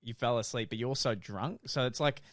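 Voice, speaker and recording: Young man, podcast co-host, lively sweary storyteller, close dry mic. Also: medium pitch, brisk, dry recording. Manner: animated storytelling, swearing, laughing. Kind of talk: casual chat.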